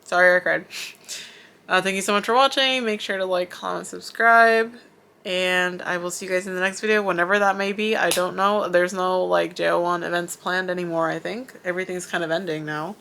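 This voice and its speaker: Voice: medium pitch, flat delivery, fairly quick, gravelly, bright, forceful tone, a little hiss or hum. A young adult vlogger in Japan talking to camera, teary and emotional, gushing and rambling with lots of fillers. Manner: gushing, filler-heavy, rambling with many likes. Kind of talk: emotional fan vlog talk to camera.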